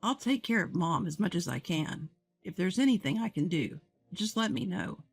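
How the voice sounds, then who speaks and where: A woman's voice: lowish voice, expressive, moderate pace, husky, soft background music. A woman voicing a fair-minded young husband in a storybook narration, speaking in an earnest, reasonable way.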